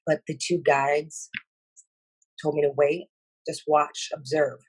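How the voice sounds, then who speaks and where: A woman slowly and earnestly recounting a spiritual vision in halting speech with many fillers. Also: sits low, level tone, husky, no room sound. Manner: emotional and earnest. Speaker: speaker sharing a spiritual vision. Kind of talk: personal account of a vision.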